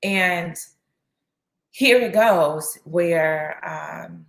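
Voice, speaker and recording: A woman's voice: fairly low pitch, extremely slow, creaky, a bit bright, echoey room. A woman giving a conversational sermon, repeating phrases for emphasis and checking in with "right?" as she goes. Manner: casual, uses fillers like "right?" and "you know". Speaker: speaker teaching a faith lesson.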